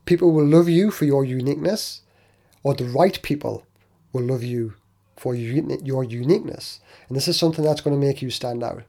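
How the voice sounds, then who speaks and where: A man's voice: medium pitch, brisk, dark tone. A man hosting a solo motivational podcast, talking earnestly and often repeating himself or restarting his sentences. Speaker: podcast host.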